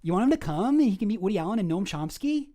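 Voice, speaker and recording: A man's voice: sits high, sing-song, rapid-fire, warm tone, voice pushed up. A man mockingly voicing another man as giddy and gushing. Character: gushing excited adult man quoted.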